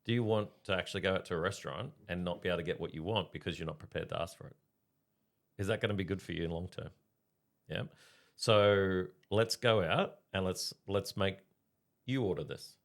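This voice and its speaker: A man's voice: low voice, fairly quick. A middle-aged man, co-hosting a podcast and telling stories in casual chat. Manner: storytelling, animated, checks in with listeners. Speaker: podcast co-host.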